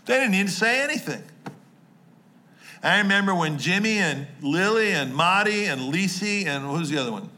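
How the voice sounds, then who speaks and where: Bright-voiced joking preacher from New Jersey. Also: male voice, high voice, animated. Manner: conversational and jokey, quick asides to the congregation. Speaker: pastor. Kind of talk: sermon.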